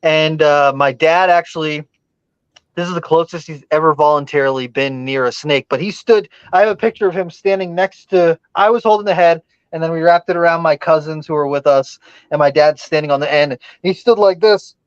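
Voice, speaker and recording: An animated man tells a story in loose podcast chat with a fairly high voice. He swears freely and leans on fillers. The sound is dry and somewhat dull. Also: fairly quick, smooth, no echo.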